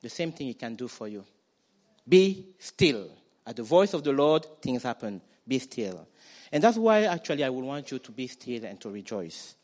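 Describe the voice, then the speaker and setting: A man preaching a sermon, animated, acting out quoted voices and building to loud declarations. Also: mid-range voice, brisk, few pauses. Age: adult parent.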